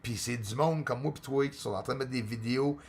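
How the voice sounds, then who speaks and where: Canadian man, gravelly voice, loose jokey stream host reading chat aloud. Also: medium pitch, quick pace, darkish tone. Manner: rambling, jokey, greets viewers by name. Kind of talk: casual live chat.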